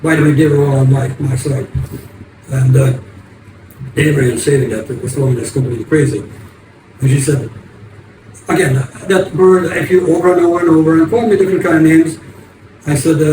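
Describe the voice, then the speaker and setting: Casual storytelling from an older U.S. vlogger: he meanders, falters and begins again many times. His voice is slightly high for a man, and the recording sounds distant and echoey, as he's seated back from the mic, with a continuous hiss of noisy ambience.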